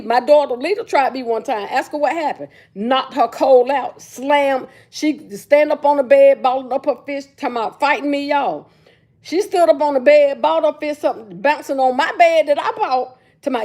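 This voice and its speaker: Middle-aged woman, livestream host; brash slangy storyteller, pitched a little high. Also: moderate pace, darkish tone. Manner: blunt, sassy storytelling with slang. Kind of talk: casual livestream chat.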